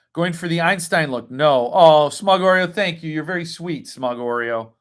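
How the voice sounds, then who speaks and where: A man's voice: on the high side, fairly bright tone. A man hosting a casual livestream, rambling as he reads and answers chat comments. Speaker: host.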